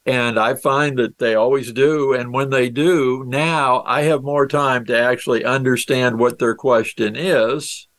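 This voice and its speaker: A man's voice: mid-range voice, fairly even intonation, a little slow, few pauses, a bit bright. A man as a podcast guest in a casual interview, friendly and often addressing the host by name.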